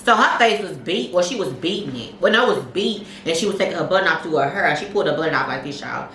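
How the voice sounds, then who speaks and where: A woman co-hosting a podcast, telling stories in a candid, profane, animated way. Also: lowish voice, quick pace, echoey room, recorded from a distance, a little hiss or hum. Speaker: podcast co-host. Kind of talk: casual chat, storytelling.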